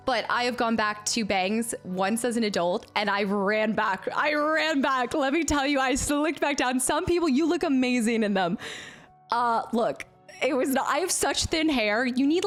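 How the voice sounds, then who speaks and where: A young woman streamer chatting casually with her viewers, bubbly and quick to laugh. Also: on the high side, lively intonation, faint music behind. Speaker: variety streamer. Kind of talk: casual live-stream chat.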